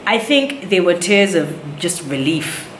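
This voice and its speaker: A Nigerian woman, a new mother, shares a story on her vlog in casual, animated talk, acting out other people's lines. Her slightly low voice takes things slowly. The room is echoey, with a faint hiss and faint background noise beneath her words.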